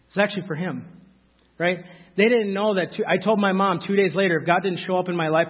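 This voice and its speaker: A man preaching a sermon, animated and talking straight to the congregation with quick asides. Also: sits high. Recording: phone-like sound with long hall reverb.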